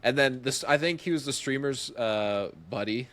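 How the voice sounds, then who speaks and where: This is a young male podcast guest at medium pitch and moderate speed, relaying a story casually and vividly. Laughter comes often, and he mimics the things people said.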